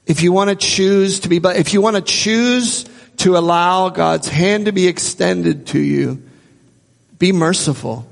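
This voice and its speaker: A man's voice: sits high, measured pace, vocal fry, in a large hall. A man preaching a sermon as a pastor, earnestly repeating phrases for emphasis.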